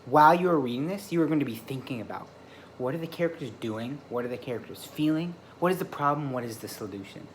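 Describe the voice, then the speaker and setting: A male teacher giving calm, deliberate directions to a small group of children at a classroom table, narrating and praising their behaviour as he goes. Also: medium pitch, slight background noise.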